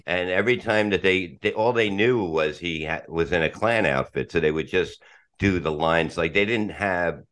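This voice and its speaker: A man's voice: sits low, normal speed, a bit bright. A middle-aged man chatting casually as a podcast guest, rambling and swearing, restarting sentences and laughing often.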